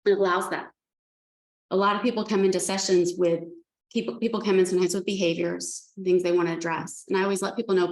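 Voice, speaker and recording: A woman's voice: lowish voice, flat delivery, fast talker, darkish tone. A woman speaking as an animal communicator, telling stories in a chatty way with lots of restarts. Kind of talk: spiritual talk. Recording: echoey room.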